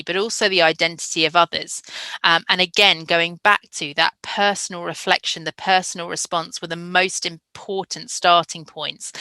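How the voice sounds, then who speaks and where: A woman's voice: on the low side, bright, forceful tone, no room sound, rough recording. A woman, giving an enthusiastic, instructive presentation on teaching literacy at a conference. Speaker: literacy education trainer.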